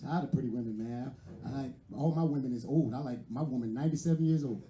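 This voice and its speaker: A man's voice: medium pitch, fast talker, dark tone, roomy sound. A man from West Philadelphia with a Philadelphia accent, doing a brash, profane stand-up set with crowd work at a live venue. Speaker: stand-up comedian.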